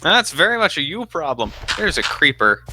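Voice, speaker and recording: A man's voice: a little high, very animated, normal speed, background noise. A young man co-hosting a casual gaming podcast with wry, mock-formal quips. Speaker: podcast co-host. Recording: music playing underneath.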